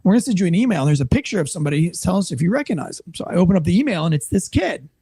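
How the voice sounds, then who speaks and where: A police officer telling a story in casual chat, animated and swearing, acting out the voices of the people in it. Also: male voice, sits high, racing, vocal fry, slightly rough, no room sound. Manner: animated, acts out quoted voices; swears casually, many fillers.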